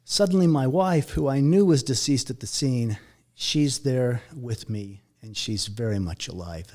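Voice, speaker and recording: A middle-aged man speaks in a medium-pitched voice, telling a deeply personal story in a halting way. He repeats words and restarts his sentences. At the painful parts his voice sinks low and soft. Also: animated. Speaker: guest recounting a near-death experience.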